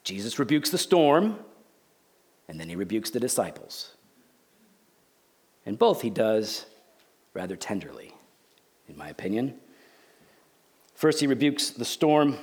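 A man in his forties preaching a sermon as a pastor, conversational and jokey, swinging from loud outbursts to hushed, near-whispered lines. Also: mid-range voice, big pitch swings, measured pace, pauses often.

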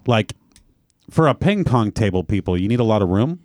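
A man co-hosting a podcast, telling a funny story in casual chat and acting out his own shouts. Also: on the low side, sing-song, brisk, no echo. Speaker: podcast co-host.

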